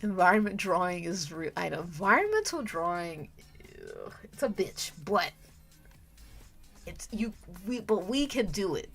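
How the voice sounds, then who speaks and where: Lively, unhurried woman streamer chatting. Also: lowish voice, gravelly, husky. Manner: chatty and giggly, trails off and restarts mid-thought. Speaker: streamer drawing live. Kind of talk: casual livestream chat while drawing. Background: faint background music.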